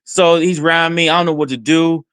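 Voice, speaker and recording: A man from Texas, a podcast guest, telling a story in an excited first-person way and voicing his own thoughts along the way. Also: on the high side, normal speed, clear, resonant tone, dry recording. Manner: excited, retells events with quoted self-talk.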